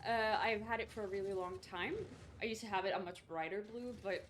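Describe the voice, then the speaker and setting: A woman's voice: medium pitch, fairly even intonation, a little fast, slight background noise. A young adult woman streamer chatting casually while she plays a game, rambling with lots of fillers and small restarts. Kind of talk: casual chat while gaming.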